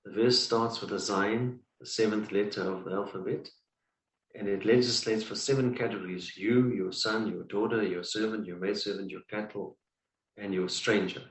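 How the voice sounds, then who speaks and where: A man reading aloud from a book in a study session, halting with restarts. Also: fairly low pitch, steady tone, echoey room, distant mic, poor audio. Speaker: study partner.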